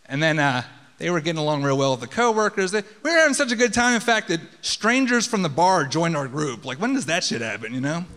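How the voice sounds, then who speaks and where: A man's voice: a little high, animated, fast, a bit bright, big-room sound. A man telling a personal story on a theater stage in a casual, profane, conversational way.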